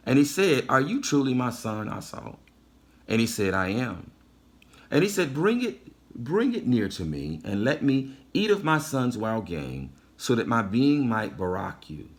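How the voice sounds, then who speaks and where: A man's voice: on the low side, creaky. A man preaching, reading scripture aloud and breaking off to teach, repeating key phrases for emphasis.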